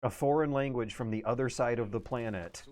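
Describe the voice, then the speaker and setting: A man streams a video game and chats casually while he plays. He rambles and thinks aloud, breaking into quick laughs, and his voice sits at an ordinary pitch. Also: darkish tone. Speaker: livestream host.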